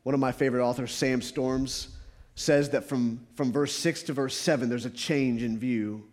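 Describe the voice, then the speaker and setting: A man preaching a sermon as a pastor, building to fervent emphasis and then dropping to hushed, quiet passages. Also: medium pitch, steady tone, moderate pace. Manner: rises to fervent emphasis, drops to hushed tones.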